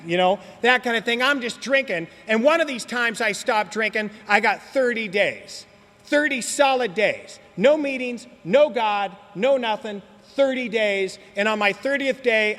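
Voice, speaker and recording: A man's voice: high-pitched, a bit bright. A man telling his story at a recovery meeting in a joking, slangy way, talking straight to the audience. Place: meeting hall. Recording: long hall reverb.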